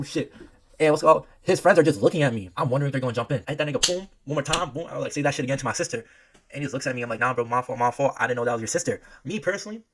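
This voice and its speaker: A young man telling a wild party story in casual, slangy, excitable style. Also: medium pitch, slightly rough.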